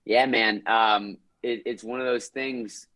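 A man who grew up in France, a guest on a podcast, chatting in an upbeat, playful and energetic way. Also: mid-range voice, slow pace. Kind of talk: casual podcast chat.

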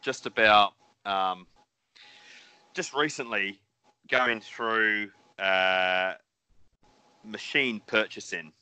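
A man's voice: fairly low pitch, extremely slow, pauses often, sharp tone, smooth, no room sound. A middle-aged man with a New Zealand accent, co-hosting a casual podcast, rambling and swearing. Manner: rambling, swears, laughs often. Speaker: podcast co-host.

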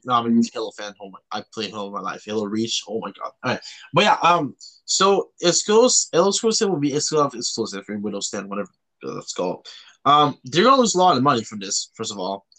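A man's voice: mid-range voice, bright, forceful tone. A man from Canada hosting a casual podcast chat, rambling with lots of fillers and restarts. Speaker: podcast host.

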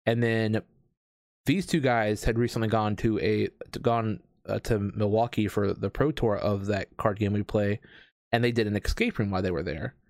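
A man's voice: on the low side, moderate pace, no room sound. Rambling casual man, dry close sound. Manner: rambling, animated, lots of fillers and restarts. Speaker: escape room game host. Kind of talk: casual storytelling chat.

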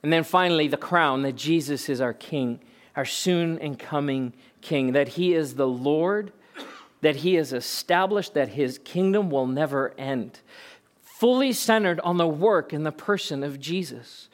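A man's voice: on the high side, unhurried. A male pastor preaching a sermon in an emphatic, conversational way, asking rhetorical questions.

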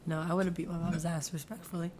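A young woman co-hosting a casual podcast, reacting with slang and quick laughs. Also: fairly low pitch, flat delivery, a little mellow. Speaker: podcast co-host. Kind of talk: casual chat.

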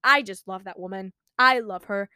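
A sixteen-year-old girl from Spain, chatting casually as a podcast host, gushing and excitable and swearing freely. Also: mid-range voice, normal speed, clean tone, no echo. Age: teens. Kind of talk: casual chat.

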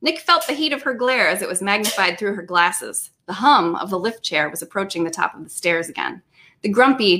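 A woman author on a video call reading aloud from her own novel, with laughing asides. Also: medium pitch. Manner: lively reading with laughs and self-aware asides.

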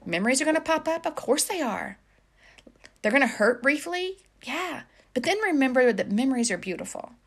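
A woman's voice: high-pitched, big pitch swings, fairly quick. A woman life coach giving casual, encouraging advice to viewers, chatty with many fillers.

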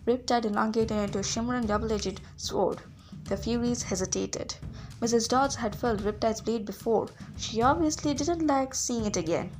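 A woman narrating a novel chapter in first person, in a fairly high voice. She reads with energy and the odd small slip. Faint music plays underneath. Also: moderate pace, darkish tone. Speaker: audiobook reader. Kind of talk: reading a novel aloud.

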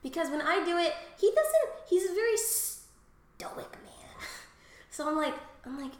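A woman's voice: very high voice, big pitch swings, a little fast, roomy sound. A woman co-hosting a podcast, telling rambling, crude stories with lots of fillers and laughs, and coughing after a cold. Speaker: podcast co-host. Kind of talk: casual chat.

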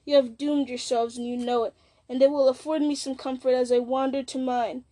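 A woman reads aloud as a bitter old wizard, fallen and scornful, who sneers at everyone around him. His voice is high and bright with a mocking, resentful edge, delivered a little fast with little pitch movement and only light acting.

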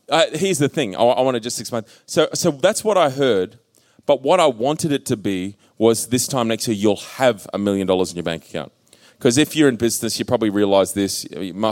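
A pastor preaches a sermon in a mid-range voice, telling personal stories casually and acting out his own past worries and panic. It's conversational storytelling, recorded dry with clean studio sound.

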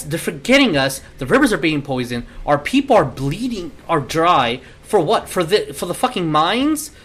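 A man's voice: a little high, a bit bright, heavily acted. A man voicing an angry, defiant young woman rebel who swears and argues in a tabletop game. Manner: heated, swearing, impatient.

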